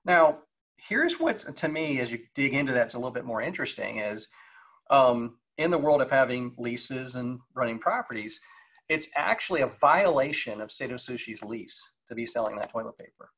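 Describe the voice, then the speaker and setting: A man's voice: mid-range voice, lively intonation, normal speed, a bit bright, slightly rough. Chatty man on a video call. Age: 40s. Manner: conversational, rhetorical questions, frequent fillers. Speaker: guest speaker on leadership. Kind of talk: casual motivational talk with anecdotes.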